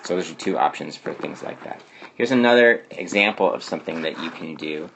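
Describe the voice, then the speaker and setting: A man's voice: low voice, animated, a little fast, gravelly, a bit bright, slight background noise. A man teaching a Spanish grammar lesson who explains patiently and keeps asking "okay?" to check understanding.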